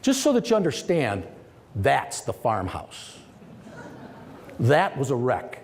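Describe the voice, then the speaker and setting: Man, summit keynote speaker; animated, chatty storyteller; long hall reverb. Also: mid-range voice, slow, a little hiss or hum. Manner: lively, conversational storyteller who acts out quoted dialogue. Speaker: company executive giving a summit presentation. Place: large conference hall.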